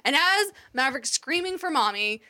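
A woman's voice: high-pitched, animated, normal speed, sharp tone. A woman in her thirties, a mother, candidly telling a story in casual chat, swearing now and then and laughing along the way.

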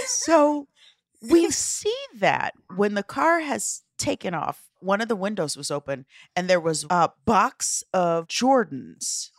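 A woman guest comedian tells a story with a lively, swooping pitch. She acts out the other people in the story. Her voice sounds close and dry. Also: no room sound.

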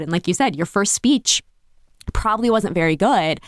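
A woman guest telling stories in a conversational way. She is animated and often restarts her sentences. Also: moderate pace, no echo, clean studio sound. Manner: animated, lifts her pitch for quoted voices; self-correcting, with frequent restarts. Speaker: podcast guest, business coach. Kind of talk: conversational storytelling.

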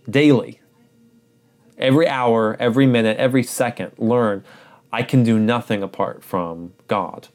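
A man's voice: medium pitch, darkish tone. A man preaching a sermon, earnest and urgent, repeating phrases for emphasis.

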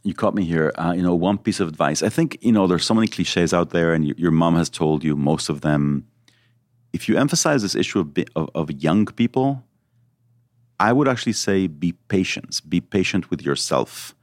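A man with a deep, low voice talks as a podcast guest, earnest and reflective, working through his ideas with examples. The recording is dry and close, with no room sound. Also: animated, moderate pace, no echo. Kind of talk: podcast interview.

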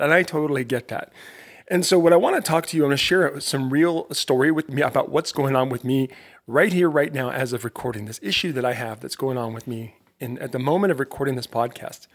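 A man hosting a motivational podcast, talking in an energetic, emphatic, conversational way with lots of rhetorical questions. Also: fairly high pitch. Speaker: podcast host.

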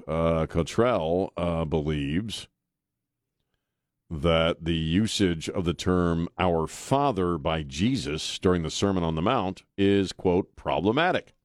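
A man's voice: low voice, no echo. A man hosting a talk radio show, speaking bluntly and sarcastically with frequent hesitant fillers, in a studio at a microphone. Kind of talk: opinionated talk radio monologue.

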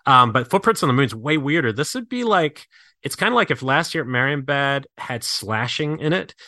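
A man's voice: mid-range voice, lively intonation, moderate pace, bright, forceful tone, no echo, studio quality. A man co-hosting a casual film podcast, describing films with rambling enthusiasm. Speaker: podcast co-host.

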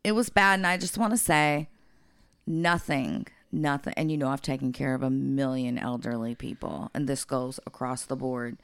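A woman with a deep, fry-edged voice trades stories in casual podcast chat. She is blunt and profane and laughs often as she talks about caregiving. The sound is dry and close. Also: dry recording.

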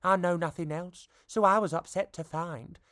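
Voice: mid-range voice, steady tone, moderate pace, a bit bright, dry recording, studio quality, natural voice. A storybook reader voicing an elderly, down-on-his-luck male sprite with a weary, aggrieved manner.

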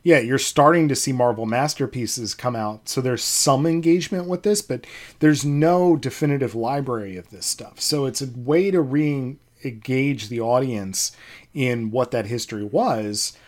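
A man co-hosting a podcast in casual chat, measured and agreeable. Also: mid-range voice. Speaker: podcast co-host.

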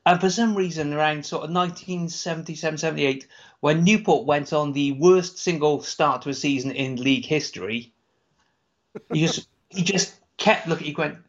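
Podcast co-host, male, rambling anecdotal storyteller, slightly high pitch, dull lo-fi recording. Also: moderate pace. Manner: rambling storyteller, swears, laughs often. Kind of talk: casual chat. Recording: dull lo-fi sound.

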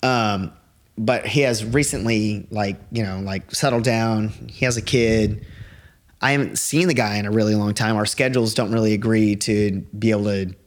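A man with a fairly low voice talks at normal speed with a steady tone. He's a podcast guest in a living room, chatting casually and rambling through a story with heavy use of "like."

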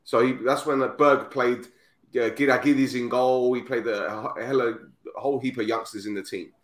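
A man's voice: medium pitch, a little fast, reverberant. A man hosting a football podcast, telling stories in casual chat and acting out the people in them. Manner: animated storyteller, acts out voices, repeats himself. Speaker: podcast host.

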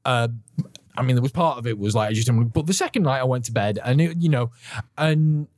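A man's voice: mid-range voice, a little fast, a little mellow, no room sound, studio quality. A man co-hosting a podcast in casual chat, rambling and self-deprecating, with frequent swearing. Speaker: podcast co-host.

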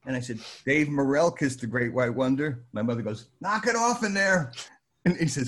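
An older man from New Jersey telling a lively anecdote, acting out the voices of the people in it. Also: medium pitch, brisk. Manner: lively, acts out voices in his story. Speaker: storyteller guest.

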